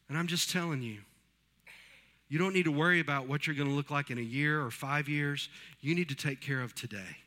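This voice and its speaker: A man in his fifties with a sharp, somewhat high voice preaches a conversational sermon in a church sanctuary. As a pastor, he tells stories and acts out the voices of the people he quotes.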